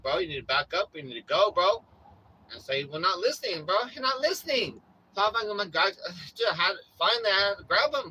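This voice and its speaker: A man telling viewers a street story in casual, profane talk, acting out his own lines louder as he retells them. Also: fairly high pitch, rough recording. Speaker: vlogger. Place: RV neighborhood in Los Angeles.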